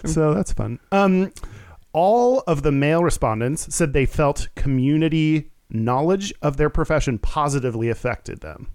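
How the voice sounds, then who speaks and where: A man's voice: on the high side, expressive, moderate pace, a little mellow, clear, resonant tone, no room sound. A man from Houston co-hosting a casual podcast, rambling with lots of fillers and self-mocking asides. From Houston, Texas. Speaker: podcast co-host. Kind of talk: casual chat.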